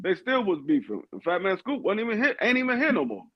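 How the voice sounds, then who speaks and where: A man chatting on a podcast in a quiet voice, stammering through restarts before he lands his point. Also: sits high, very animated, fast talker, crowd noise. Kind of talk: casual chat. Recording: dull lo-fi audio.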